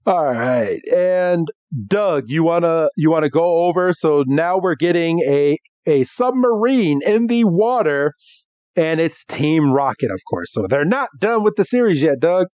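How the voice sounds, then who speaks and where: Slow, lively-pitched laughing podcast man. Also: no echo, lo-fi sound. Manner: giggly, frequent laughs and fillers while retelling scenes. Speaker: podcast co-host. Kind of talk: casual episode recap chat.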